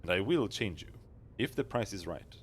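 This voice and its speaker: A lofty mystic woman from a fantasy game, as a male streamer puts her on, speaking in grave, old-fashioned phrases and looking down on whoever she talks to. Her pitch rides lively up and down, with a faint hum of room noise behind. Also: moderate pace, close to an everyday voice. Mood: aloof. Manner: grave, archaic, condescending. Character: aloof mystic woman, power to reshape souls.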